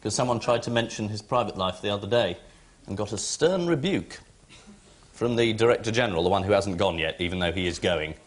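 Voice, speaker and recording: A man, a panel-show captain, giving satirical commentary in a wry, measured way. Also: lowish voice, lively intonation. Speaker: team captain.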